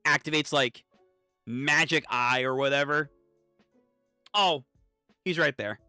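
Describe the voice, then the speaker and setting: A man hosting a casual reaction read-through of manga, excitable and swearing, reading lines aloud. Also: on the high side, slow, pauses often, no room sound, soft background music. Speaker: channel host reading manga.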